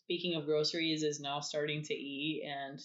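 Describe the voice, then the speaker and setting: A woman's voice: low-pitched, flat delivery, moderate pace. A woman in her thirties, a therapist co-hosting a podcast, chatting casually and laughing often, sometimes dropping to a near-whisper. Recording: echoey room, dull lo-fi sound.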